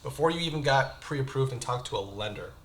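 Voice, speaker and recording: A man's voice: mid-range voice, lively intonation, fairly quick, slight background noise. A man hosting a casual interview over spicy wings, chatty, laughing often and restarting his questions. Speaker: host, real estate agent. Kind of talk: casual hot-wing interview chat.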